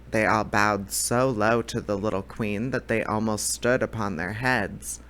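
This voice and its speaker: A man's voice: on the low side, steady tone, a little slow, few pauses, fairly bright tone, smooth. A man reading a children's book aloud, unedited, now and then tripping on words and correcting himself. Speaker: storybook reader.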